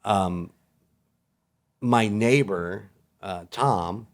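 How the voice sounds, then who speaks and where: Lower-voiced easygoing man chatting. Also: very slow. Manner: easygoing, laughs a lot, animated when telling stories. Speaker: podcast guest co-host. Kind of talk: casual podcast chat.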